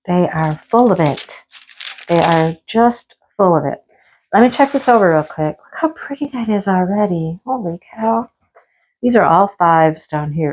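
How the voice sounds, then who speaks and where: A woman's voice: fairly low pitch, darkish tone, lo-fi sound. A woman vlogger chatting casually and rambling while she works on a diamond painting. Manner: chatty and rambling, with fillers and asides. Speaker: crafting vlogger.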